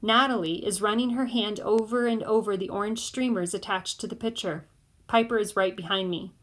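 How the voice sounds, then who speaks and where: A woman narrating an audiobook in the first person of a boy, in a measured way. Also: mid-range voice, fairly even intonation.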